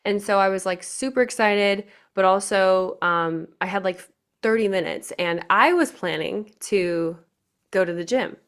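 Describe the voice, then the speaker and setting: A young woman hosting a motivational podcast as a pageant coach, chatty and energetic, often asking her listeners questions. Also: mid-range voice, unhurried, clear, resonant tone. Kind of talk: motivational solo podcast talk.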